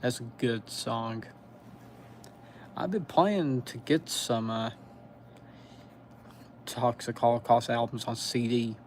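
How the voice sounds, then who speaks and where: Halting Southern-accented man talking metal. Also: mid-range voice, a little hiss or hum. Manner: halting, pausing to recall band names. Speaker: metal music streamer. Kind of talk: casual live stream chat.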